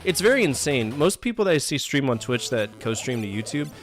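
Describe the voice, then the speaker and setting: Man, thirties, live game streamer, sarcastic and joking, lively pitch, faint game music. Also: brisk. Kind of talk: live gameplay commentary.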